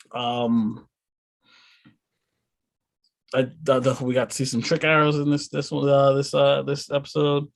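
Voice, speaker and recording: A man's voice: mid-range voice, vocal fry. A man co-hosting a podcast, talking enthusiastically with many restarts and some swearing. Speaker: podcast co-host. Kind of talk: casual chat.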